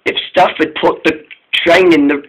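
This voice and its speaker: A man's voice: on the high side, steady tone, normal speed, slightly rough, rough recording. A man telling an improvised story about steam engines, often stumbling and restarting his sentences.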